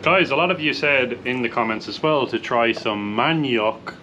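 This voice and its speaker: A man's voice: medium pitch, moderate pace, bright, forceful tone, dull audio, a little hiss or hum. A young Irish man hosting a casual vlog, upbeat as he tries snacks and rates them out of ten. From Ireland. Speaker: vlog host.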